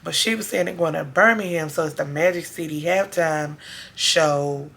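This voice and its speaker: A hoarse woman recapping a TV episode for her viewers in a sassy, casual, chatty way. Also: low-pitched, normal speed, fairly bright tone. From Chicago area. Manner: sassy, talks straight to her audience with slang. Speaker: TV show review vlogger.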